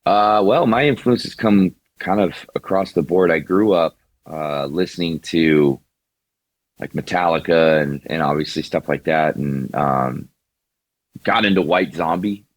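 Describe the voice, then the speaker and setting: Brief: male guest, very low voice, loose rambling talk, dry close audio. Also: measured pace, dry recording. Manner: rambling, many restarts and fillers. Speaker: singer and songwriter, guest. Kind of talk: casual interview conversation.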